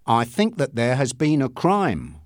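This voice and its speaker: A man's voice: mid-range voice, wildly swooping pitch, unhurried, no echo, studio quality. A man voicing a frightened, long-serving male servant who speaks deferentially and anxiously. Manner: deferential, anxious, keeps saying sir.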